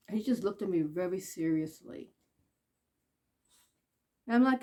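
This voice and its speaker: A woman telling a personal story in a casual, conversational way. She goes high when quoting people and soft and quiet at the sad parts. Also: expressive, normal speed. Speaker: vlogger.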